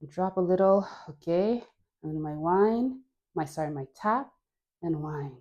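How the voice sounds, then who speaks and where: A woman dance instructor calls out steps in a slow, easy cadence while moving, her voice mellow and relaxed. She is encouraging and playful and laughs between cues. Her breath shifts as she dances with a mic on. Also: lowish voice, muffled recording. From Caribbean. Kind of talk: guided dance class. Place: dancing while talking. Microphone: wearing a mic.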